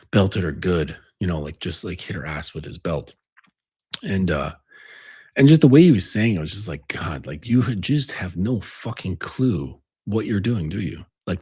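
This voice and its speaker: Husky deep-voiced guy rambling about relationships, swears a lot, voice swings up and down a lot. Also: darkish tone. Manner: rambling, blunt and profane, with many fillers. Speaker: relationship coach. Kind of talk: casual advice monologue.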